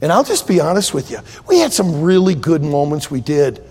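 An older male preacher with a high, husky voice that swings widely as he drives his points home. He repeats key phrases and punches them out, and the sound rings in a big echoey hall. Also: very animated, fairly quick, darkish tone. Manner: emphatic, repetitive preaching with rising outbursts. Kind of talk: sermon.

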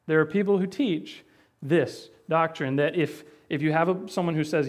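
A man's voice: on the high side, fairly quick. A man pastor teaching Bible doctrine in a conversational way, with many fillers and restarts as he explains.

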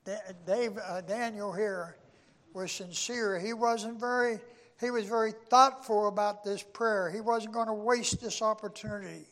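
An older man, a former pastor, preaching a sermon, slow and halting with frequent restarts and rising bursts of emphasis. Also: high voice, steady tone, fairly bright tone, in a large hall.

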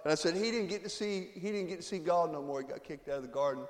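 A man from Florida preaching an emotional testimony sermon as guest preacher, dropping to a hush and rising to loud cries. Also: on the high side, fast talker. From Florida, USA. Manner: emotional, swings from hushed to loud exclaiming. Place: church sanctuary. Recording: echoey church hall, long reverb.

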